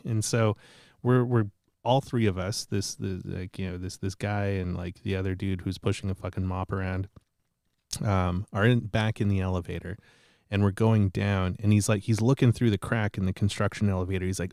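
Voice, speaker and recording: A man's voice: lowish voice, steady tone, fairly quick, warm tone, no room sound, clean studio sound. A man telling a rambling, profane, self-mocking story in casual podcast chat.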